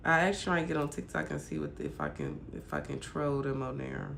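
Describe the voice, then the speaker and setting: A woman's voice: very deep voice, sing-song, fairly quick, vocal fry, a bit bright, a little hiss or hum. A woman from Michigan hosting a casual livestream chat, ranting bluntly and cursing freely at her viewers. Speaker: livestream host.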